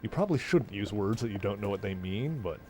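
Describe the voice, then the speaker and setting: A man's voice: lowish voice, animated, fast talker, warm tone, a little hiss or hum. A man streaming a video game, talking in a casual, rambling, wry way with crude jokes. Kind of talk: casual gameplay commentary.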